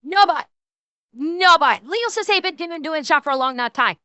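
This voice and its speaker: Woman, streamer, profane stammering rant, very high, bright. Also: animated, fairly quick, no echo. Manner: profane, stammering, heated ranting. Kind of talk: reaction stream commentary.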